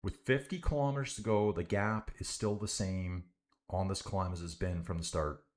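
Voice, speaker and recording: A young man with a lowish voice commentating a bike race live for his stream. He keeps it loose and chatty, calling his viewers guys and dude as he follows the riders and reads out comments. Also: steady tone, normal speed, a little mellow. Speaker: livestream cycling commentator.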